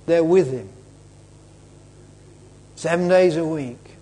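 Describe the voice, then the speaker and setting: A male preacher retelling a story in a sermon, dramatic, swinging between loud and hushed. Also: high-pitched, lively intonation, measured pace.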